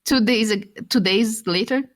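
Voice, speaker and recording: A woman telling a story in casual chat, acting out other people's lines in a raised voice, laughing often and swearing freely. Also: measured pace. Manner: animated, acts out quotes in raised pitch, laughs often, swears. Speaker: former e-pal guest.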